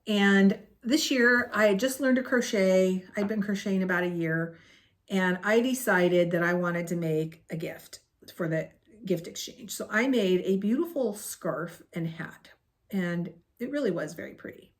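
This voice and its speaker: A woman's voice: medium pitch, measured pace. A woman in her late fifties telling a personal story in a rambling, chatty way on her crafting vlog. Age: 50s. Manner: rambling, chatty, with many fillers and asides. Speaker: crochet vlogger. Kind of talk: casual storytelling chat.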